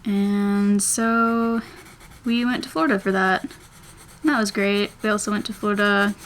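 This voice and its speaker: A young woman in her twenties chats casually as she draws. Her voice sits at an ordinary middle pitch, and she rambles and thinks out loud in an easy vlogger way. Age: 20s. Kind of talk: casual chat while drawing.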